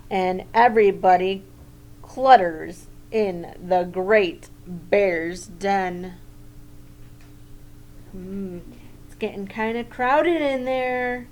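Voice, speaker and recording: A woman teacher reading a picture book aloud to children in a gentle way, pausing to comment and ask questions. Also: medium pitch, a little hiss or hum.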